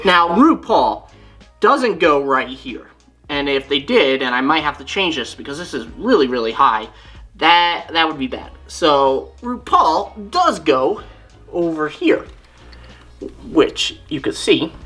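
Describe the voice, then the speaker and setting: Low-voiced woman giving a chatty demo. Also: fairly bright tone. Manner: chatty, thinks aloud, corrects herself. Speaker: reptile keeper and channel host. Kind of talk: casual hands-on demonstration.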